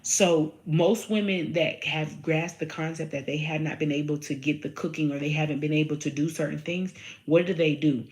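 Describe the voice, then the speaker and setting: A woman with a low, deep-set voice speaks straight to her viewers. She is blunt and profane, slips into slang and repeats her points again and again until they land. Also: steady tone, moderate pace, a little mellow. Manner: addresses viewers directly, slangy. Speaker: vlogger. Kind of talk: candid monologue to camera.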